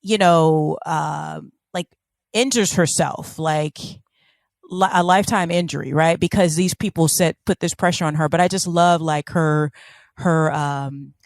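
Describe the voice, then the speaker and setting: A woman's voice: sits low, steady tone, a little slow, gravelly, no echo. Gushing woman podcast co-host, dry sound. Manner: gushing, searches for words, trails off. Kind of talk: casual chat.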